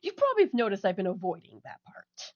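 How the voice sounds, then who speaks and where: A woman's voice: mid-range voice, huge pitch swings, quick pace, darkish tone, dull audio. A woman chatting casually between roleplay scenes, rambling, giggling and correcting herself as she goes. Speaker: roleplay partner. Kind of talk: casual chat during voice roleplay.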